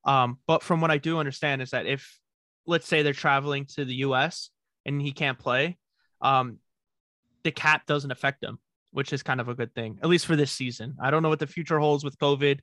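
A young man co-hosting a sports podcast in a relaxed, casual way, often saying dude and bro. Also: medium pitch, fairly quick, dry recording, clean studio sound. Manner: laid-back, says dude and bro often. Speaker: podcast co-host.

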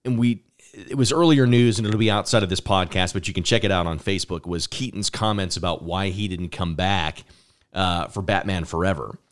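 A man's voice: sits low, a little fast. A man hosting a casual podcast, enthusiastic and repeating words as he starts his thoughts. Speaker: podcast host.

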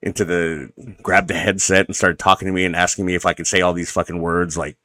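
A man hosting a casual podcast chat, his voice deeper and rougher from acid reflux, rambling and swearing with many restarts. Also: level tone, quick pace, bright, forceful tone, no room sound. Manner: rambling and profane, with frequent restarts. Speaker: podcast host.

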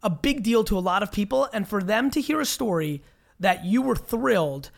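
Gravelly woman host, emphatic and eager. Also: mid-range voice, lively intonation, moderate pace. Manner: emphatic, eager, repeats phrases for stress. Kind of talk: casual live interview chat.

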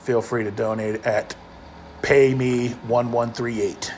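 A man's voice: medium pitch, little pitch movement, unhurried, a little mellow, a little hiss or hum. Jokey man plugging a podcast. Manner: jokey, laughs often. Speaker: podcast host. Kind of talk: casual chat. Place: garage.

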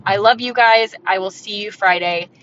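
A young woman from Florida hosting a casual podcast, talking excitedly into her phone while driving in her car. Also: normal speed. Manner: excited, upbeat, salesy. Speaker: podcast host. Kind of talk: casual solo podcast pitch. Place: in a moving car. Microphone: phone mic. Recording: dull phone recording with car rumble.

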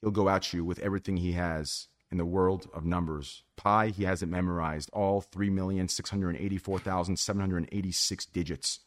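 A man's voice: low-pitched, steady tone, moderate pace, hardly any pauses. A man hosting a casual group podcast, joking and rambling as he introduces guests. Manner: joking, rambling, trails off and restarts. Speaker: podcast host.

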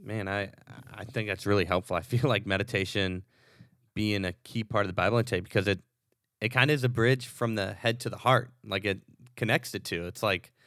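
A man hosting a podcast, relaxed and affirming, with many fillers as he talks. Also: on the low side, a little fast, no echo, studio quality. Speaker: podcast host. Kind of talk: casual podcast talk.

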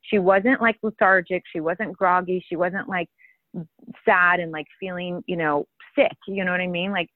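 A woman's voice: mid-range voice, moderate pace, no room sound. A woman, a mother, telling a long rambling story in casual chat, full of fillers. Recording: tinny phone-like line, dry.

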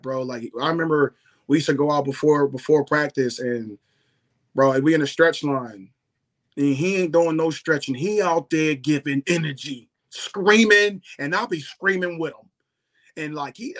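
A young man, a former football player, telling stories in a slangy, animated way, saying "bro" and "yo" constantly. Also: a little high, normal speed. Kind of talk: casual storytelling chat.

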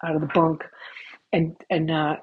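Husky woman telling rambling stories. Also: low-pitched, monotone, normal speed. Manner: rambling, profane, chatty. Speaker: podcast host. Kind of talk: casual storytelling. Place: home with cats. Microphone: headphone mic cutting in and out. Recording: dull lo-fi home recording.

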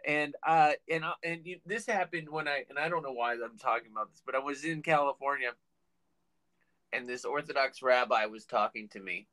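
A man's voice: mid-range voice, fairly quick, pushed and bright. Rambling, joking comedian man. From Guam. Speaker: stand-up comedian guest. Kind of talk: casual podcast chat.

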